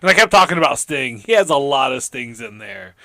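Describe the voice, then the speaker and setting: A man co-hosting a podcast and chatting casually, animated and laughing a lot as he acts out conversations with shop clerks. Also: fairly high pitch, brisk, gravelly, no room sound. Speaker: podcast co-host and comedian. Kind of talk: casual chat.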